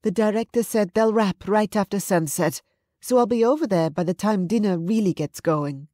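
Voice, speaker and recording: A woman's voice: mid-range voice, moderate pace, warm tone, no echo, clean studio sound, pitched above the performer's own voice, close to an everyday voice. A woman voicing an emotional young head chef. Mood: resolute.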